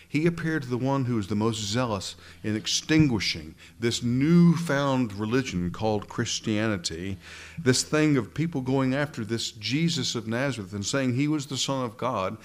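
A man's voice: mid-range voice, expressive, normal speed. Earnest man preaching a sermon. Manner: earnest, addresses congregation directly. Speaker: pastor.

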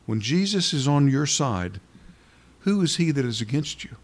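A man preaching a sermon, earnest and fervent, with frequent repeated phrases and halting restarts. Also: mid-range voice, very animated.

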